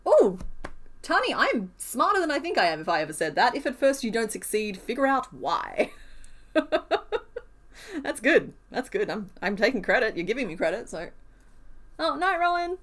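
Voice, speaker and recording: A woman chats on a live stream as she crochets, talking through each stitch out loud. She wanders off into little tangents and laughs often, and her tone stays relaxed and easygoing throughout. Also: medium pitch, moderate pace. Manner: chatty, thinks aloud, laughs often. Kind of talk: casual live-stream chat while crocheting.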